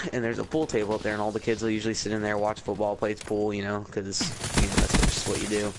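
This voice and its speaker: A man with a low, gravelly voice talks in a flat, laid-back drone through a gaming headset. Loud game gunfire pounds away behind him the whole time. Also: fast talker, very noisy. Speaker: gaming friend. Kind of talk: casual chat over voice chat while gaming. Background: video game gunfire.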